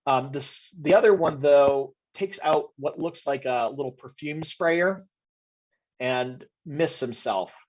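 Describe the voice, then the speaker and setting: A man narrating a tabletop game as game master, hesitant, with many pauses and ums while describing scenes. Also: mid-range voice, darkish tone. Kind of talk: narrating a tabletop game over video call. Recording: dull lo-fi audio.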